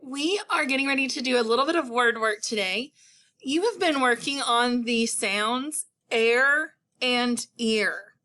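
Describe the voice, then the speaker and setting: A woman teaching a recorded phonics lesson to young children. Her voice sits a little high and sounds bright and sharp. She talks very slowly, stretching out each word so it can be copied. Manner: slow, clearly enunciated, encouraging teacher talk. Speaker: elementary school teacher.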